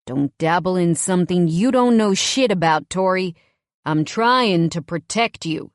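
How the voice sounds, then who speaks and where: A woman narrator takes on a gruff young man in a storybook romance, growling short, blunt warnings. The voice sits low and dry, close to the mic. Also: normal speed, no echo, lightly acted. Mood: angry, stern. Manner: growling, curt.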